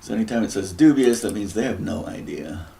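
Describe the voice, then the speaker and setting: A man thinking aloud through a scripture and word study, often clearing his throat. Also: lowish voice, expressive, a little fast, warm tone. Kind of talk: musing scripture study talk.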